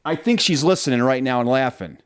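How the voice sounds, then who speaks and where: A man's voice: mid-range voice, fairly quick. A man co-hosting a casual podcast from his home basement, telling rambling, joking stories. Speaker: podcast co-host. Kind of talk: casual chat.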